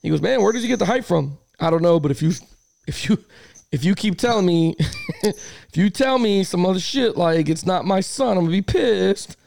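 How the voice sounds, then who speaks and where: A man's voice: high voice, normal speed, dry recording. A man hosting a casual sports podcast, telling stories with lots of swearing and acting out the arguments. He is a youth football coach. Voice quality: gravelly. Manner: animated storyteller, swears a lot, acts out arguments. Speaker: podcast host.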